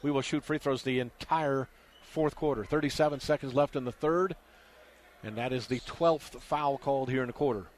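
A man doing fast radio play-by-play for a high school basketball game, getting loud and excited on big shots. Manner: rapid, excitable, rises loudly on big shots.

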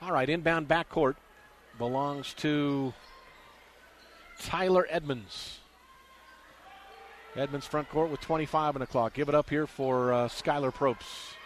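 A man doing fast radio play-by-play for a high school basketball game, getting loud and excited on big shots. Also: slight background noise. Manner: rapid, excitable, rises loudly on big shots.

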